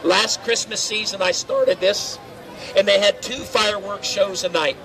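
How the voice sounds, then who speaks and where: A loud, teasing middle-aged man with a fairly high voice entertains a waiting crowd outdoors at a theme park. He tells stories and jokes through a handheld voice amplifier. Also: unhurried, vocal fry, low-quality recording. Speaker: theme park crowd-control cast member. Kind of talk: pre-show crowd warm-up storytelling.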